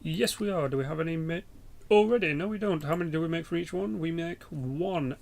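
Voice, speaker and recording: Casting note: young English man, gravelly edge, pitched a touch high, rambling sweary gaming banter. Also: a little fast, a little mellow. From England. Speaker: gaming YouTuber. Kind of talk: casual game commentary.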